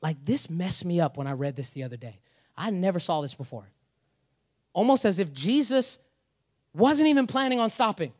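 A man with a notably high voice delivers a sermon as a pastor. He preaches casually and energetically, mixing humor and slang into his message. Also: expressive, moderate pace, a little mellow.

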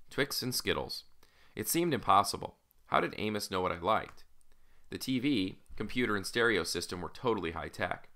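A man's voice: lowish voice, lively intonation, moderate pace, sharp tone. A man narrating an audiobook in the first person, in a casual, wry storytelling manner.

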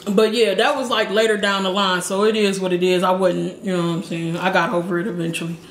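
A woman vlogger telling a slangy, animated story while eating, with shouted sound effects. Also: lowish voice, fast. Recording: echoey room with faint background noise.

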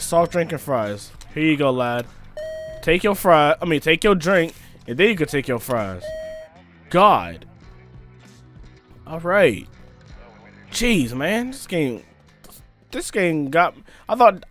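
Excitable young gamer man. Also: on the high side. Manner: excitable, slangy, yelping when scared. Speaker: gaming streamer. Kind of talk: let's play commentary.

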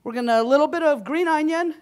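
A fast-talking woman with a high, somewhat mellow voice cooks in front of a conference crowd. She's chatty and jokey with the audience from the kitchen stage, and a little short of breath.

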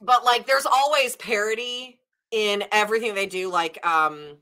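A former literature teacher discusses a book at a casual club meeting, chatty and rambling, her speech full of "like" and "um." She speaks at a moderate pace in a medium-pitched voice that is bright and forward.

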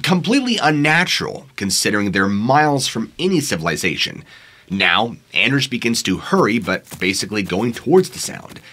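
A man narrating scary stories from the woods in a conversational way, pitching up and getting louder at tense moments. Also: slightly rough. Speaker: narrator and channel host.

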